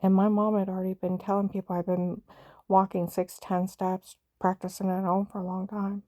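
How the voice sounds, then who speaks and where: A middle-aged woman, a mother, recounts a hurtful family episode at normal speed, her mid-range, mellow voice delivered flatly. The casual telling wanders and is emotional, with frequent fillers and restarts; there's no echo.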